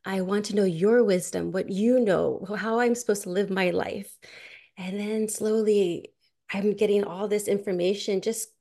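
A woman's voice: medium pitch, steady tone, moderate pace, dark tone. A woman podcast host telling a personal story in a chatty way, full of "like" and frequent laughter. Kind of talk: casual conversational storytelling.

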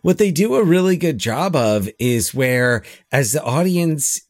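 A man's voice: a little high, lively intonation, measured pace, no echo, clean studio sound. A man co-hosting a podcast, chatting casually about a film, often stumbling as he agrees. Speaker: podcast co-host.

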